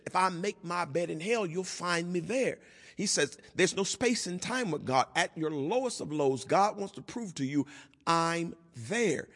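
A male pastor leads a Bible study sermon with a very lively voice that climbs for emphasis and sinks to near quiet. His words ring out with a long reverb, as if in a large hall. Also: a little high, husky. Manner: animated preaching, swings from loud to hushed.

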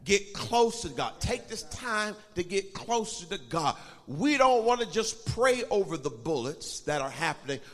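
A male pastor preaching in a church, his high voice swinging widely as he builds into sing-song shouted peaks. The long echo of the hall trails behind each phrase. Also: big pitch swings, normal speed, hardly any pauses. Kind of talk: sermon and prayer. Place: church sanctuary.

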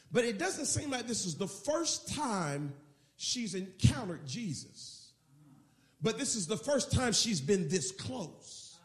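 A man's voice: sits high, roomy sound. A man preaching a sermon as pastor, acting out the scene as he tells it. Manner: animated, acts out the scene in storytelling.

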